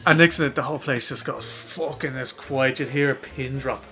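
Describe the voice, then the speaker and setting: A young man with a Dublin accent telling a rambling, animated story in casual podcast chat, swearing freely and acting out other people's lines. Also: mid-range voice, normal speed. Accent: Irish, Dublin. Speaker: podcast co-host.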